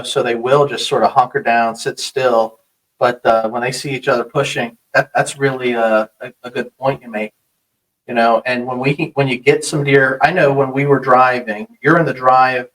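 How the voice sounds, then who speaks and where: A man's voice: mid-range voice, a bit bright, recorded from a distance, low-quality recording. Man talking a bit off-mic. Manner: halting, with restarts and fillers. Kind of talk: casual chat.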